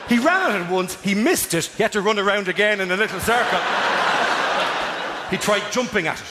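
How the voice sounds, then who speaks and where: An Irish male comedian with a bright, fairly high voice performs stand-up in a big theatre, swinging wildly in pitch as he rants. The recording is live, with loud audience laughter and noise behind him. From Ireland. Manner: rapid, animated, breathless rants. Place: large theatre.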